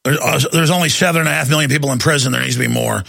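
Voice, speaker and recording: A man hosting a talk radio show, ranting heatedly and shouting at times, then taking calls. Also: mid-range voice, vocal fry. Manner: angry, shouting at times, fast bursts.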